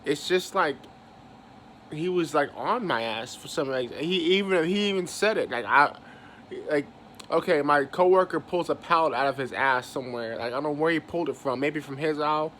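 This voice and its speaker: A man's voice: a little high, normal speed, fairly bright tone, a little hiss or hum. A young man, venting about his job in a heated, profane rant and repeating himself as he talks. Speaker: vlogger venting about work. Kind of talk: angry casual rant.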